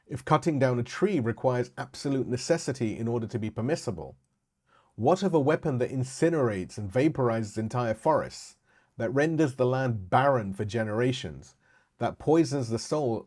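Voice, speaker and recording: A man giving a scripted religious lecture in a measured, rhetorical way, stressing key phrases and posing questions. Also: mid-range voice, lively intonation, a little mellow.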